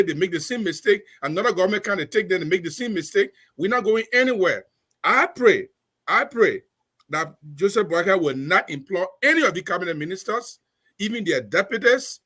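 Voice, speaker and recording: Man, high pitch, emphatic, repetitive, political commentary. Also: sharp tone, breathy edge. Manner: preachy, emphatic, repeats phrases. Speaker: talk show panelist.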